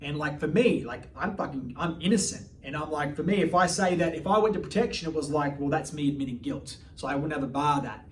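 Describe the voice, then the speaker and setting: A man's voice: a little high, a little fast, few pauses. Blunt man, distant mic. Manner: blunt, swears freely, restarts often. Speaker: life coach. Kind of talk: personal storytelling monologue. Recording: distant mic, faint background noise.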